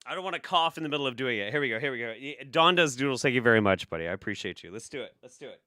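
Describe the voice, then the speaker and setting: A man hosting a livestream, reading viewer messages in a casual, profane, animated way. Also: mid-range voice, fast talker, dry recording. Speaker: livestream host.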